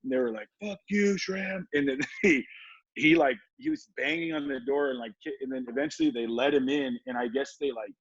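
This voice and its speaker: A man's voice: medium pitch, expressive, fairly quick, slightly rough, dry recording. A laid-back man from Southern California tells a long story, full of fillers and easy laughter. His voice sits mid-range. The recording sounds dry and a little dull. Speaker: podcast guest, former football player. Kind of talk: casual storytelling.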